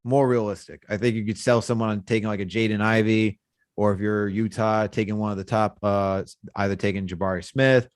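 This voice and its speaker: A male podcast co-host, talking sports in a casual, animated, rambling way. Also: dry recording, clean studio sound. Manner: animated, rambling, jumps in pitch when excited.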